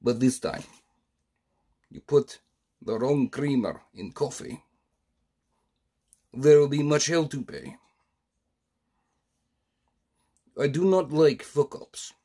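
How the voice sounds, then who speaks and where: A man's voice: mid-range voice, sing-song, slow, pauses often, warm tone, husky, exaggerated voice. A man playing a threatening male Russian comrade in a put-on Russian accent with broken grammar. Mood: menacing.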